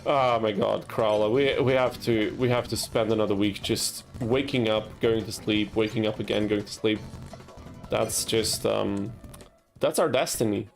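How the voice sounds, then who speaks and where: Young male streamer, gravelly, chatty, laughs at his own blunders. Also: on the low side, fairly even intonation, unhurried, faint music behind. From Austria. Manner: chatty, laughs at himself, yelps in frustration. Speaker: gaming streamer. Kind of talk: casual gameplay commentary with chat.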